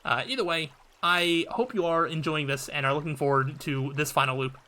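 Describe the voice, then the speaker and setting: Bright-voiced man reading a game aloud. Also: on the high side, normal speed. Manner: casual, hesitant with fillers. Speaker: let's play host. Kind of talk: reading a visual novel aloud.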